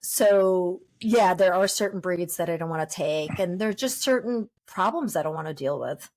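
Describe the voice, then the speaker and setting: A woman in her fifties, a dog trainer chatting as a podcast guest, telling lively stories and acting out the voices of people she quotes. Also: lowish voice, moderate pace. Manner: lively storyteller who acts out quoted voices. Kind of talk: casual podcast interview.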